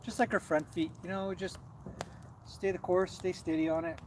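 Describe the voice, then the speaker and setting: A man with a Canadian West Coast accent chats casually on a livestream, rambling along with plenty of fillers. His voice sits slightly high. Traffic and animal sounds come through clearly behind him. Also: normal speed. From Canada, West Coast near Vancouver. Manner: relaxed, rambling, many fillers. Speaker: co-host of a livestream. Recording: noisy background with animals and traffic.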